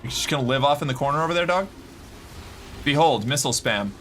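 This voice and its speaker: A young man with a faint Boston accent rants through a game in exasperated, profane commentary. His voice sits a little high and sounds bright and tense. Soft music plays behind him. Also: lively intonation, quick pace. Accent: slight Boston. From Massachusetts. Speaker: game streamer. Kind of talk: let's-play commentary.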